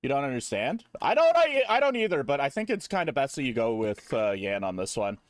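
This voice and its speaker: A man streaming live, chatting casually with viewers in a profane, rambling, jokey way, now and then breaking into loud mock rants. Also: medium pitch, very animated, brisk, no room sound, clean studio sound.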